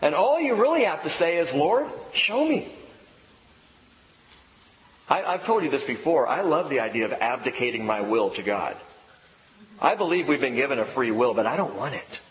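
A man's voice: medium pitch, animated, a little fast. A middle-aged man preaching a sermon as pastor, emphatic and repeating key phrases. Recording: echoey hall with faint ambience.

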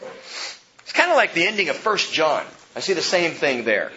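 A male pastor preaching a verse-by-verse sermon with emphasis, his voice rising and falling between soft and loud. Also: a little high, big pitch swings, moderate pace, highs cut off.

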